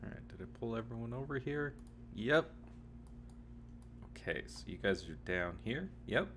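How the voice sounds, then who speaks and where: A man's voice: medium pitch, expressive, moderate pace, fairly bright tone, a little hiss or hum. A man narrating a tabletop game as game master, rambling with many fillers, on a home computer mic.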